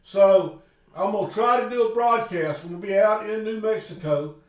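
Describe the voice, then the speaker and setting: A man's voice: high voice, moderate pace, a little mellow. A man with a Texan accent, chiming in on a casual live stream in a laid-back way. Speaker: paranormal investigator co-host. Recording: very echoey, distant from the mic.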